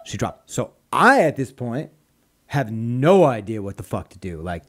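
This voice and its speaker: A man's voice: medium pitch, sing-song, measured pace. A young man, a comedian guest on a podcast, telling a rambling, profane story in casual chat. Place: podcast studio.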